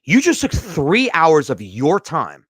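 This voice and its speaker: A man's voice: fairly high pitch, huge pitch swings, slow pace, fairly bright tone, breathy edge, no echo. A man hosting a motivational podcast stream, talking to viewers in an emphatic, lecturing way and repeating his points. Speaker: podcast host. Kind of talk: motivational livestream talk.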